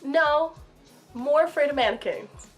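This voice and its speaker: A woman's voice: high voice, a little slow, faint music behind. Bubbly, giggly young woman host. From United States. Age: 20s. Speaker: YouTube host. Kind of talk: casual couple Q&A chat. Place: outdoors in sunlight.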